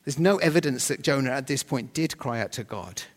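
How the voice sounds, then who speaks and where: A man preaching a sermon, humorous and animated, with sudden loud bursts of emphasis. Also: mid-range voice, a little fast. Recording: long hall reverb.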